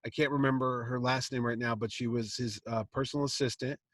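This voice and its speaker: A man's voice: mid-range voice, a little fast, over a noisy crowd. A man hosting a convention panel, telling a story with plenty of acted-out quotes. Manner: lively anecdote, acting out quotes. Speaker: comic con panel host telling a story. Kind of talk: animated storytelling. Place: convention stage.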